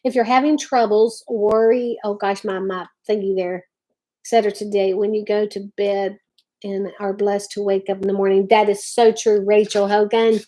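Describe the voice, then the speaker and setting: A woman's voice: medium pitch, little pitch movement, moderate pace, mellow. A middle-aged woman hosting a casual livestream, chatting with viewers, greeting them by name and often restarting her sentences. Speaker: livestream host. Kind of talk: casual live-stream chat.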